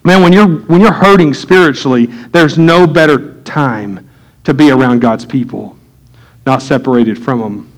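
A man's voice: mid-range voice, unhurried, rough recording. A man, a pastor, preaching a conversational sermon, acting out little voices and asides.

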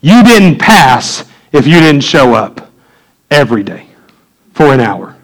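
A man, preaching a sermon in a church, swinging from loud emphatic peaks to low quiet asides. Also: very animated, takes it slowly, low-quality recording. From United States. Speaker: pastor. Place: church sanctuary.

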